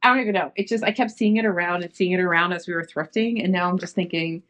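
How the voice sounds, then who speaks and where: A woman's voice: lowish voice, fast talker, fairly bright tone. A young woman vlogger chatting casually through her book haul, rambling and trailing off with fillers.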